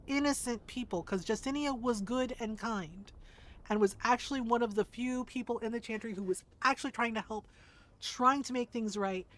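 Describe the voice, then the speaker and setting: A woman's voice: on the high side, fairly bright tone. A woman streamer in casual commentary, ranting emphatically and swearing a lot. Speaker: game streamer.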